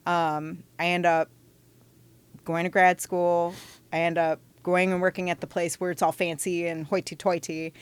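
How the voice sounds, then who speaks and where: Frank woman telling her story, low-toned. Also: clear, resonant tone, no echo. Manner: animated, frank, quick asides and restarts. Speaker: podcast guest. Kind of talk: candid storytelling in conversation.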